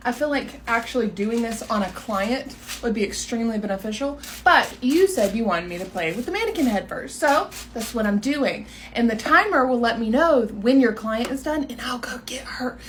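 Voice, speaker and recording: A woman's voice: on the high side, expressive, normal speed, few pauses, a little hiss or hum. A young woman performing a comedy sketch as a sarcastic, sassy salon worker. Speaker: comedy skit creator. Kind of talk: comedy sketch about workplace.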